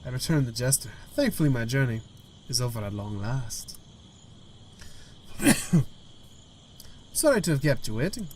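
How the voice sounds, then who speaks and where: Lively man reading a story game aloud. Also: mid-range voice, slight background noise. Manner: reads with stumbles, restarts and side comments. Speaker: gaming video host.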